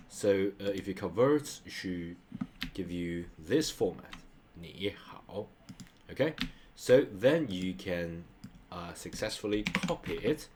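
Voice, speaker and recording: Low-voiced man teaching. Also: a little hiss or hum. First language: Mandarin. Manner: loose and chatty, ends points with a checking "okay?". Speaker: online Mandarin teacher. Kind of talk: casual screen-share lesson.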